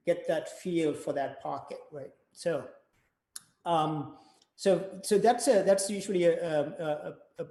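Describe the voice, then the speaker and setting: A man's voice: on the high side, dark tone. Man chanting rhythm syllables, echoey. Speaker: percussion teacher. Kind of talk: online rhythm workshop.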